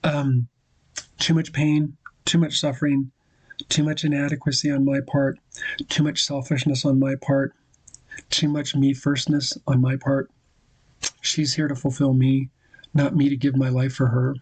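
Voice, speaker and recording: Husky-voiced man giving earnest devotional advice. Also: mid-range voice, flat delivery, dry recording, rough recording. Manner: earnest, preacherly, quotes scripture, pauses and restarts. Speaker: host giving marriage advice to husbands. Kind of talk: devotional talk to husbands.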